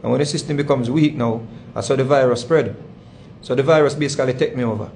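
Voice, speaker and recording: A man with a Jamaican accent talks through a long story in a loose, rambling way, circling back and repeating himself. His voice sits at an ordinary middle pitch, with a faint hum of background noise behind him. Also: fast talker, creaky, darkish tone. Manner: rambling, repetitive, heavy patois phrasing. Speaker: channel host. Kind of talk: casual storytelling monologue.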